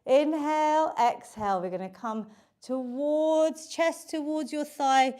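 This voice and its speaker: A woman's voice: high-pitched, takes it slowly, dark tone. A woman fitness instructor leading a live online workout class, encouraging and counting reps aloud, slightly out of breath.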